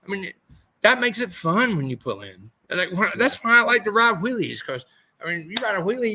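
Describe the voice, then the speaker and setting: A man's voice: sits high, gravelly, bright, forceful tone, rough recording. A man, a former motorcycle racer, telling rambling, profanity-laden stories as a podcast guest. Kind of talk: casual storytelling interview.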